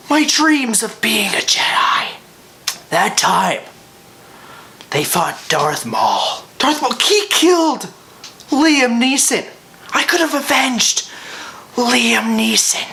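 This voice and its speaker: Slow, dramatic young man telling a story. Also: high-pitched, creaky, a little hiss or hum. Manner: swings from excited yelps to hushed whispers. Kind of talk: comic personal storytelling.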